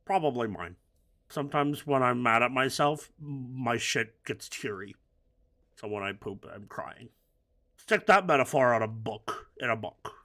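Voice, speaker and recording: A man's voice: medium pitch, a little slow, sharp tone. A man giving comedic gaming commentary, rambling through absurd, crude jokes. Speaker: gaming video host.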